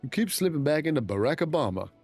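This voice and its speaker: Animated male streamer chatting with viewers. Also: on the high side, fast talker, slightly rough, faint music behind. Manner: chatty, reacting to viewer messages, often restarts. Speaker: streamer host. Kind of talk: casual live-stream chat, reading chat aloud.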